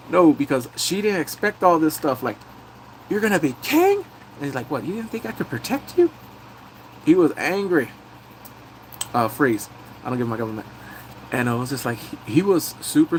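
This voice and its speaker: Guy live streaming a drama recap, super animated, squeals at the twists, faint noise in the background. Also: fairly high pitch, poor audio. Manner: animated, with big squealing reactions; chatty, thanks viewers mid-story. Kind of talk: casual live-stream chat.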